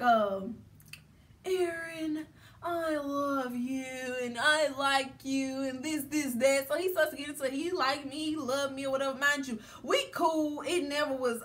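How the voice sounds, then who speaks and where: Woman vlogger, high voice, slangy storytime chatter. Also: a bit bright. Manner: chatty and slangy, addresses viewers directly. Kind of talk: casual storytime chat.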